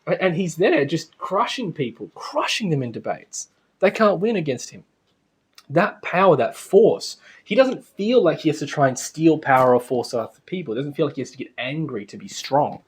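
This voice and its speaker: A man's voice: a little high, very animated, moderate pace, breathy edge. A man giving a casual spiritual lecture to a class, chatty and anecdotal, often laughing.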